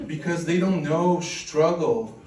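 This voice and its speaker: A man in his forties from Poland delivers a deadpan, self-deprecating stand-up set with a fairly high voice. He sounds distant from the microphone in an echoey club, and loud noise sits under the recording. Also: slow pace. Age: 40s. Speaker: stand-up comedian. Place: comedy club stage with audience laughter.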